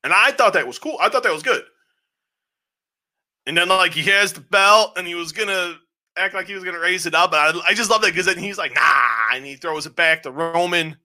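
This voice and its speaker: Bright-voiced man rambling through a review. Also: high voice, fairly quick. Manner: rambling, animated recaps with frequent swearing. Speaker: podcast co-host. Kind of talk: casual show review chat.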